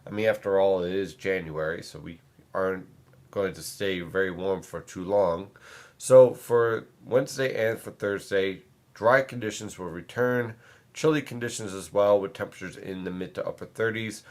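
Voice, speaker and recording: A man's voice: low-pitched, normal speed. A man, a meteorologist, giving a weather forecast and stressing his key points firmly so nothing is misunderstood. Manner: emphatic, repeats points for clarity.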